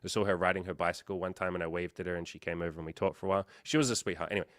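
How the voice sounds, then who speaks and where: A low-pitched man hosts a casual livestream, chatting straight to his viewers. He rambles through stories with loads of fillers and the odd curse word, sounding open and unfiltered. The sound is dry and close, with no room around it. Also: steady tone, racing, a bit bright, no echo. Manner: candid, profane, rambling storyteller with lots of fillers. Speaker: dating coach hosting a livestream.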